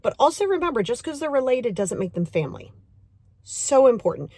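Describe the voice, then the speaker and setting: A middle-aged woman with a husky voice gives an emphatic self-help talk to her podcast listeners. She repeats her points and coaxes the listener directly. The sound is dry and close. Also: on the high side, big pitch swings, darkish tone, no room sound. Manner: acts out inner voices in quick asides. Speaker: podcast host and self-love coach.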